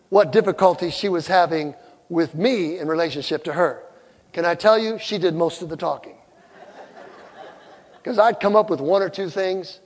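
A man's voice: high-pitched, in a large hall, rough recording. A middle-aged man preaching a sermon, telling personal stories with emphasis and asking his listeners questions. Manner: emphatic storytelling, asks the crowd questions.

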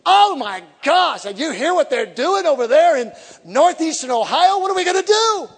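A man voicing a panicking group of nervous devils in frantic, high-pitched chatter. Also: big pitch swings, moderate pace. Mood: panicked. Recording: echoey hall reverb.

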